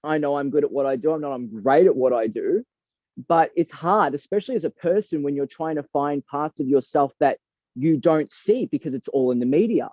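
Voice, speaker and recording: A man's voice: fairly high pitch, a little fast, mellow, dry recording. A man speaking as a guest in an interview, earnest and heartfelt, talking in a reflective, emphatic way. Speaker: boxing coach and guest. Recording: dull lo-fi dry recording.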